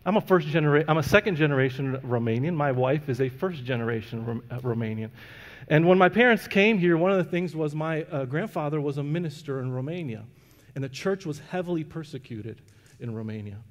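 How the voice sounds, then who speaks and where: A man's voice: fairly high pitch, a little fast. A middle-aged man preaching a sermon in a church, telling a personal story in a conversational way with restarts and fillers. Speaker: pastor. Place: church sanctuary. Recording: long reverb of a church hall.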